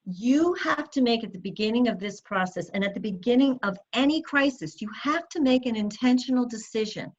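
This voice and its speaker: A woman's voice: on the high side, animated, fairly quick, few pauses. Woman in her sixties, motivational speaker, direct coaching tone, storytelling, slightly dull audio. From United States. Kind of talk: motivational talk.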